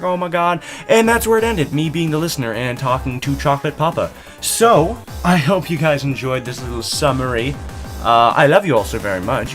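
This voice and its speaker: A man's voice: mid-range voice, a bit bright. Goofy rambling young man recapping a game. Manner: goofy, rambling, jumps between whispers and squeals. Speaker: gaming channel host. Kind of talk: casual video game recap.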